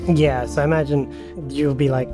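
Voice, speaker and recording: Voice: medium pitch, steady tone, moderate pace, over music. A podcast game master narrating a tabletop adventure in a casual, descriptive way.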